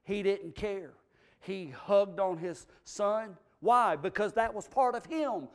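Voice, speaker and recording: High-pitched guy preaching, goes soft then gets real loud and punchy. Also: slow pace. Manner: emphatic preaching that swings from low and quiet to loud. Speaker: pastor. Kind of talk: sermon.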